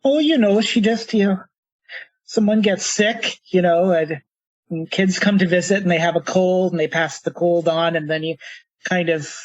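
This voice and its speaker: A man's voice: high-pitched, normal speed, no room sound, dull audio. A man voicing an evasive old grandmother in a folksy, rambling way, with a Minnesotan accent. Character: chatty old grandmother at a craft stall, evasive.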